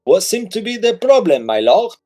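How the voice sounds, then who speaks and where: A man's voice: high voice, very animated, moderate pace, warm tone, pitched above the performer's own voice. A man voicing a polite but angry male noble who talks stiffly and scolds. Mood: courteous.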